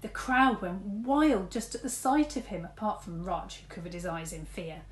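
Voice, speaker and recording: A woman teacher reading a storybook aloud, lively, switching between big shouts and soft whispers for the characters. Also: medium pitch, moderate pace, reverberant, a little hiss or hum.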